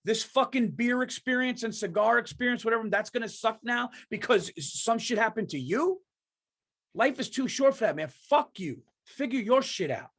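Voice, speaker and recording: A man's voice: extremely high pitch, animated, moderate pace, fairly bright tone. A man hosting a comedy podcast, delivering a heated, profane and emphatic rant. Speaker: podcast host.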